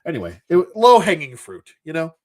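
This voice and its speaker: A man's voice: a little high, huge pitch swings, normal speed, a little mellow. A man ranting casually as a show host, sarcastic and exasperated, swearing as he goes.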